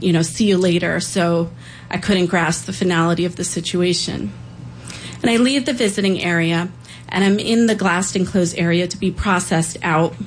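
A woman's voice: medium pitch, rough recording. A woman tells a heartfelt personal story to a live audience. She is earnest and emotional, and she briefly acts out the voices of the people she met. A faint hiss sits under her voice.

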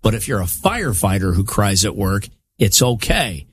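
A man's voice: fairly low pitch, sing-song, moderate pace, slight background noise. Male radio host reading out a study. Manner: reads study findings aloud, then riffs. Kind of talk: casual radio chat.

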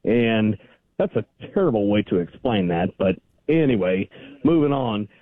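A man's voice: fairly low pitch, expressive, normal speed, no room sound. A man calling in to a radio show, arguing his point insistently. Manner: argumentative, presses his point. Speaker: caller. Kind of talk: phone call to a radio show. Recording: phone line.

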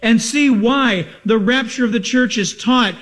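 A man preaching a sermon as a pastor, emphatic and repetitive, asking rhetorical questions and sounding excited and over-caffeinated. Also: very high voice, unhurried.

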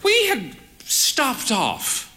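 A woman's voice: fairly high pitch, huge pitch swings, extremely slow, bright, forceful tone, a little hiss or hum, voice pushed up, heavily acted. A man voicing a frail, proud older woman with a grand, drawling, theatrical manner.

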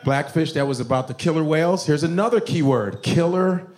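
A man doing stand-up comedy, profane and animated, jumping into voices. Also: a little high, a little fast.

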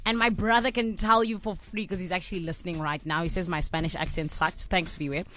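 A woman hosting a radio drive show, playful and quick to laugh as she banters with her co-hosts. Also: on the low side, steady tone, fairly bright tone. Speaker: radio host. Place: radio studio.

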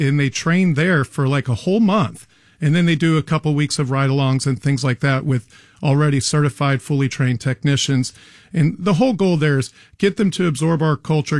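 A man's voice: on the high side, no room sound, studio quality. A man appearing as an expert guest on a radio show, explaining earnestly with frequent restarts. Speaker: garage door company guest expert. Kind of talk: radio interview answers.

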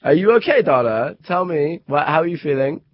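A man interviewing guests, asking gentle, probing questions. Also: a little high, lively intonation, brisk, no room sound. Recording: dull lo-fi recording.

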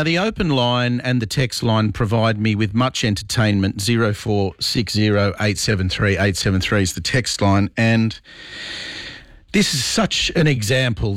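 An Australian man hosts talkback radio, his voice sitting at an ordinary middle pitch. He talks bluntly and with firm opinions, picking apart listeners' messages. The studio sound is dry and close, with no room echo. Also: fairly bright tone. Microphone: broadcast studio mic.

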